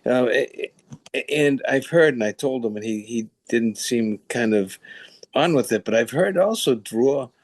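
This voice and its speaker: A male student in an online class asking a question in a halting, hesitant way. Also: medium pitch, no echo. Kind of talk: class discussion. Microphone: video call.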